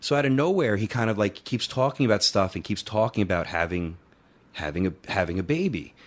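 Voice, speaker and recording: A man's voice: lowish voice, a little fast. A young man co-hosting a podcast, telling a funny story in casual chat and acting out what people said. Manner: animated, acts out quotes, swears freely. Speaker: podcast co-host.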